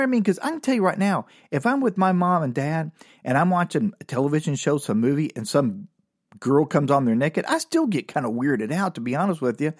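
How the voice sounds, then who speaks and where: A man's voice: a little high, very animated, brisk, no echo, clean studio sound. A man telling rambling, profane, self-mocking comic stories live as a podcast host.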